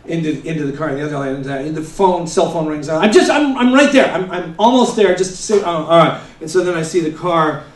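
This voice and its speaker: Brief: male stand-up comic, loose rambling storyteller who bursts into shouted bits, echoey live-venue sound. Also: a little high, animated, fairly quick. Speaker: stand-up comedian. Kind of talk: stand-up comedy set. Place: comedy stage before a laughing audience. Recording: roomy live venue, mic heard from a distance.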